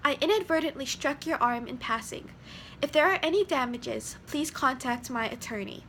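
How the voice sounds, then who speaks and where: A woman's voice: high-pitched, normal speed, a bit bright, slight background noise. A woman acting out a stiff, formal person who talks like a computer.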